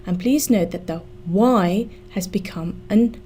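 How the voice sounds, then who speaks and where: Woman, English teacher, slow deliberate delivery, mellow tone, faint room ambience. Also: medium pitch, a little hiss or hum. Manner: slow, deliberate explanation, spelling out letters. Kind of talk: grammar lesson.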